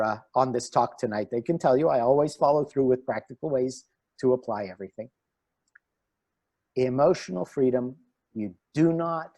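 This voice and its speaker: A man giving an online talk as a relationship coach, animated and laughing between his points. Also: medium pitch.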